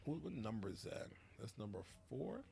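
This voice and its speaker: A man commentating a school soccer game in a relaxed, talkative, joking way. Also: lowish voice, normal speed, gravelly, heavy background noise. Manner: talkative, laid-back, jokey. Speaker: sports commentator. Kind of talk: casual play-by-play chat.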